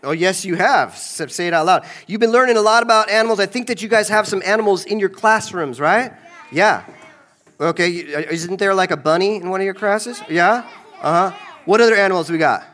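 A man's voice: sits high, a little fast, fairly bright tone. A man pastor leading a children's sermon in a large church, playful and talking right to the kids. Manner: playful, addressing kids directly.

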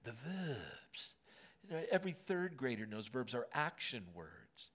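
Fifty-nine-year-old pastor, conversational sermon. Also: male voice, medium pitch. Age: 50s. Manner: conversational, animated storytelling with asides to the congregation; drops to a soft, gentle tone on key words. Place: auditorium.

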